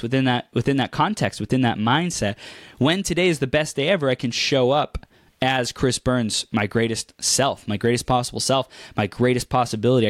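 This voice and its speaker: A man's voice: no room sound, studio quality. A man giving a motivational talk, upbeat and repetitive, often stumbling over and repeating words, laughing at his own jokes. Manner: acts out quoted reactions in a higher voice. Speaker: motivational speaker. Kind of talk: motivational monologue to camera.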